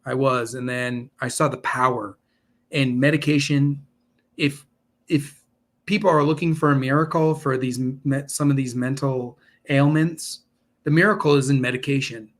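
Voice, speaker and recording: A man's voice: mid-range voice, fairly even intonation, normal speed. A man in his forties, a podcast guest telling his story in an earnest, rambling way with many restarts. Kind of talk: casual interview storytelling.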